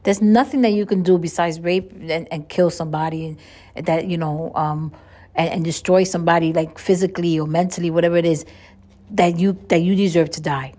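A woman's voice: sits low, warm tone. A woman hosting a solo podcast, talking in a chatty, earnest way and often restarting and repeating her words. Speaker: podcast host. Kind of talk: casual solo podcast monologue.

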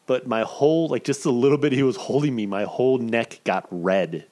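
In a casual storytelling mood, a man in his thirties curses freely as he talks about his work as a wrestling cameraman. Quick pitch swings make his delivery especially animated.

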